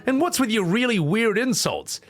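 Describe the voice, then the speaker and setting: A man playing an excitable young male student who stammers and gushes with adoration. His voice sits high and bounces around as he fusses over his friend in a game voiceover. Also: normal speed. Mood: gushing. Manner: stammering, adoring, flustered.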